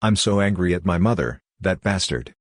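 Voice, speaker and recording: A man's voice: deep voice, lively intonation, normal speed, dry recording, studio quality. A man reading the lines of a bitter, hot-tempered young pro gamer who curses angrily. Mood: angry. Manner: angry, cursing.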